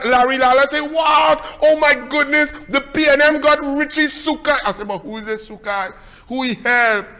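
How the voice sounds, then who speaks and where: Trinidadian male political host, scornful and emphatic, bright high timbre with a long room echo. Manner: mocking, emphatic, scolding. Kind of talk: combative political monologue.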